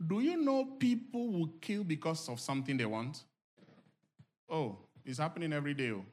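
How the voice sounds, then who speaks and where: A man preaches a sermon to a congregation, sinking into low murmurs and then rising to loud, shouted exhortations as he acts out quoted inner voices. His pitch swings widely, and he talks fairly quickly.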